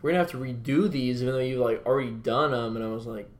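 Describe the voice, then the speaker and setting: A man's voice: mid-range voice, quick pace. Casual, profane young-sounding man. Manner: casual, swears a lot, quotes himself. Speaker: host and business co-founder. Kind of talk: casual podcast chat.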